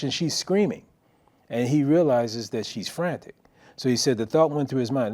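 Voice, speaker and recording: A middle-aged man telling a story on a local talk show, animated and acting out the quotes. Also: mid-range voice, brisk.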